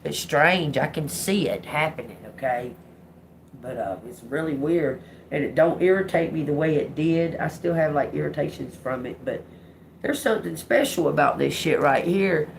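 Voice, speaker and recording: A woman's voice: deep voice, animated, normal speed, creaky, slight background noise. A middle-aged woman, telling a blunt, profane story to her livestream audience. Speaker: livestream host. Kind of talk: casual storytelling monologue.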